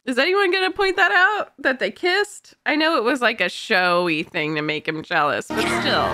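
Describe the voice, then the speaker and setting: A woman's voice: on the high side, lively intonation, normal speed, hardly any pauses, music in the background. A woman hosting a movie reaction video, talking in an effusive, emotional way with lots of "like". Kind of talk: casual reaction commentary.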